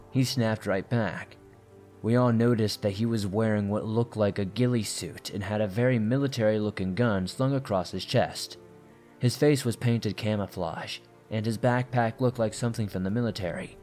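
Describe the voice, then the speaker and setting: A man narrating a first-person horror story in a steady, tense storytelling manner. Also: on the low side, normal speed, faint music behind.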